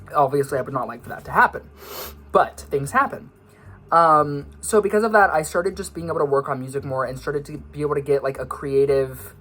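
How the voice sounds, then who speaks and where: A man's voice: on the high side, fairly bright tone. Breathless, rambling young man. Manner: scattered, tangent-prone, self-mocking. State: slightly out of breath. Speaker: vlogger and musician. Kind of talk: casual rambling monologue.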